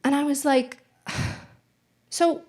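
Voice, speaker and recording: A woman's voice: mid-range voice, normal speed. A young adult woman performing stand-up comedy on a theater stage, telling a story and acting out the dialogue. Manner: animated, acts out dialogue in voices.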